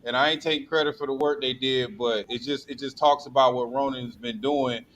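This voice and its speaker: Mid-pitched man hosting a panel call. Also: steady tone, fairly quick, a bit bright, slight background noise, low-quality recording. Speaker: host. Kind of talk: casual panel chat.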